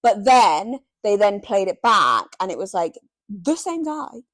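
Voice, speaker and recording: A woman's voice: mid-range voice, very animated, a little slow, dry recording. Rambling young woman podcast co-host. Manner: rambling, heavy on "like", swears freely. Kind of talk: casual chat.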